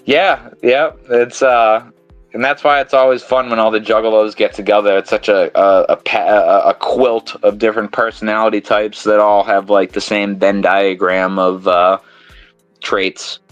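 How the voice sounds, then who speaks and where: A man's voice: on the low side, level tone, normal speed, no echo, lo-fi sound, soft background music. A man from New England with a New England accent, hosting a podcast in casual, rambling, profane chat. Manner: rambling, profane, laughs often. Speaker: podcast host.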